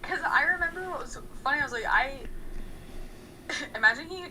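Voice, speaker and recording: Woman guest, tabletop player, bright and a touch high, loose and rambling. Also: lively intonation, fairly quick, a little hiss or hum, rough recording. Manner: rambling, restarts, laughing asides. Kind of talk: casual chat recalling a game session.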